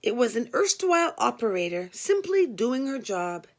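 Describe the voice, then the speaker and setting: A woman reading a novel aloud in an expressive way, doing voices for the characters. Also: on the high side, moderate pace. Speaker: audiobook reader.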